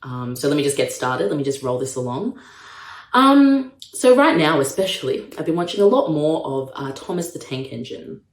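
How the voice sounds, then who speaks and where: A young Australian woman doing a stand-up comedy set, self-mocking with deadpan asides. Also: rumbling low, a little fast, reverberant. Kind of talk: stand-up comedy set, live-streamed from home.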